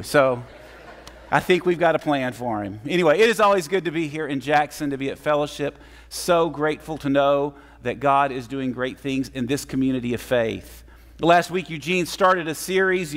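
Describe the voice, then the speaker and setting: A man preaching a Sunday sermon as a guest speaker, friendly and joking through his stories. His voice sits a bit high for a man. It rings out with the long reverb of a church sanctuary. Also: fairly quick. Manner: friendly, storytelling with humor.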